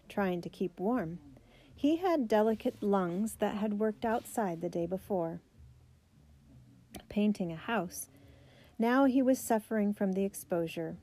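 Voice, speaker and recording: A woman narrating a children's biography aloud, steady and gentle. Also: medium pitch, unhurried.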